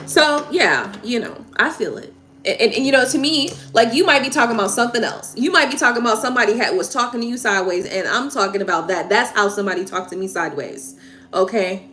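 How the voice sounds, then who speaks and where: A woman's voice: a little high, expressive, fast talker, a bit bright, soft background music. A woman hosting a live tarot stream, venting heatedly in casual talk, swearing and repeating herself.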